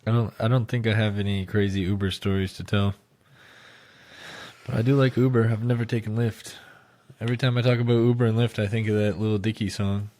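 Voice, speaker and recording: A talkative young man co-hosting a casual podcast, relaxed and full of "like"s. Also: lowish voice, brisk. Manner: talkative, easygoing, sprinkles "like". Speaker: podcast co-host. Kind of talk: casual chat.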